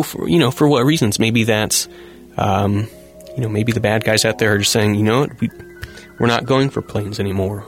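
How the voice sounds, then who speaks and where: A man's voice: lowish voice, gravelly. A man hosting a talk show, commenting casually on news items with a rambling, self-correcting manner and frequent chuckles. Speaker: host.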